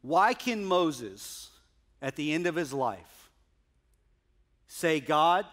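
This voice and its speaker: A man preaching a sermon as pastor, emphatic, swinging from loud declarations to hushed asides. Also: fairly high pitch, expressive, very slow.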